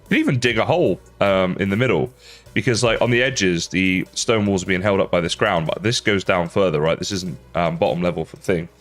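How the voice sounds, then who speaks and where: A man's voice: deep voice, brisk, faint music behind. An English man with a slight Australian tinge, chatting casually and rambling to viewers while he plays a game on a livestream. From England.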